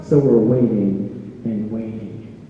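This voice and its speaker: A man's voice: on the low side, steady tone, slow, slight background noise. A man doing stand-up comedy, telling a story about himself with a self-mocking manner and acting out the voices of others. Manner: self-deprecating, acts out border guards in loud put-on voices. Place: arts center stage. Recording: roomy hall, dull lo-fi sound.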